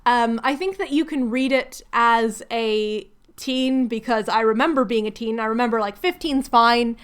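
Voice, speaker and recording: Woman chatting away while making paper crafts, high voice, laughs at herself a lot. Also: moderate pace, clean tone. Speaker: craft channel host. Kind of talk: casual livestream chat while crafting.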